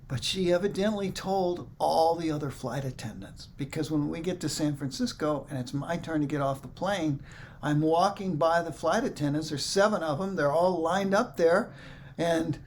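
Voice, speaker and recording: Storytelling male speaker, acts out other voices, high-pitched, faint hiss in the background. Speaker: musician telling a story to a congregation. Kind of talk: storytelling talk.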